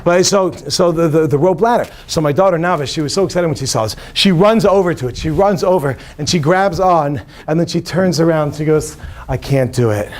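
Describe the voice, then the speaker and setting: Animated joking rabbi, a man. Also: fairly high pitch, fairly quick, hardly any pauses. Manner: animated and joking, quizzes the audience. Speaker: rabbi giving a talk. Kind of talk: humorous inspirational talk to an audience. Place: hotel conference session room.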